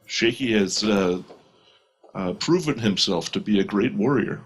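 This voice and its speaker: A man playing a tabletop game, speaking in character in a measured, diplomatic way. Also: on the low side, lively intonation, slightly rough. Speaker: player.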